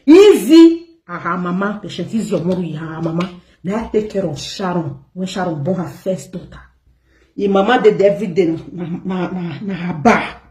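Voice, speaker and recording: A woman's voice: on the low side, darkish tone, roomy sound. A Nigerian woman hosting an online gossip show, ranting at her viewers in an emphatic, scolding way and repeating words for stress.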